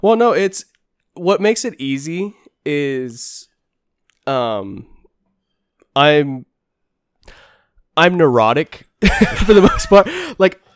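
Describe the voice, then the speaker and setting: Animated man telling stories on a podcast. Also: fairly high pitch, extremely slow, long pauses, no room sound, clean studio sound. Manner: animated storyteller, acts out quotes. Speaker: podcast host. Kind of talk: casual chat.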